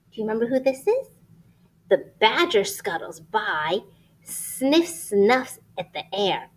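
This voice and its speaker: A woman's voice: high-pitched, expressive, measured pace, poor audio. A woman, a teacher, reading a picture book aloud to children expressively, at times dropping to a whisper. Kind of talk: read-aloud storytelling.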